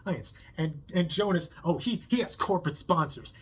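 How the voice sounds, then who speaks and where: A man giving a casual spoken movie review, rambling with lots of fillers, restarts and quick impressions. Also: a little high, animated, very noisy.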